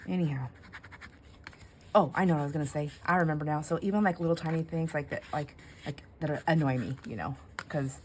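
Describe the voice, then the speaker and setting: A middle-aged woman with a low-pitched voice talks casually while crafting. She rambles and thinks aloud, full of fillers and asides. A faint room ambience sits behind her. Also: fairly quick, a little mellow, slight background noise. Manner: rambling, self-talk with fillers and laughs. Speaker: craft vlogger.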